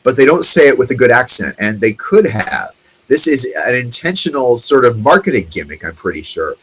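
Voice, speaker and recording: A man's voice: medium pitch, very animated, fairly quick, slightly rough, low-quality recording. A man in his forties hosting a casual solo talk show, rambling and chatty with lots of fillers. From United States. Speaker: host.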